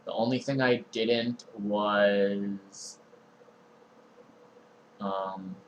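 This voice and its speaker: A young man streaming a game, talking through his inventory in a relaxed, meandering way with frequent ums and uhs. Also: lowish voice, very slow, a little hiss or hum, low-quality recording. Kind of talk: casual let's-play commentary.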